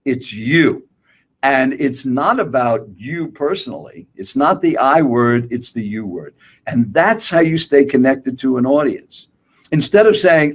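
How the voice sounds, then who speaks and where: A man's voice: mid-range voice, lively intonation, measured pace, breathy edge. An older man teaching public speaking, emphatic and direct, asking rhetorical questions. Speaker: guest speaker. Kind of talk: motivational speaking coaching.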